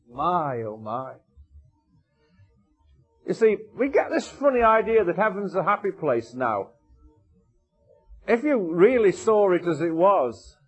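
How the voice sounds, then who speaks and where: A man preaches with fervor, his fairly high voice leaping upward on key words and dropping to near-murmurs on others. He drives his points home with rhetorical questions. Faint music sits quietly beneath him. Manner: impassioned, rhetorical questions, wide swings in pitch and loudness. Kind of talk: sermon.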